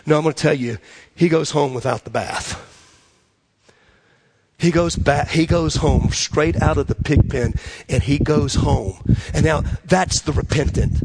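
Man preaching, raised pitch, gravelly voice, repeats phrases for emphasis. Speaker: pastor. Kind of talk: sermon.

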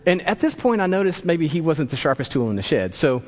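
A man's voice: on the high side, sing-song, a little fast. Man preaching in a reverberant hall. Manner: storytelling, acts out voices in quotes. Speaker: pastor. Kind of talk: sermon with an anecdote.

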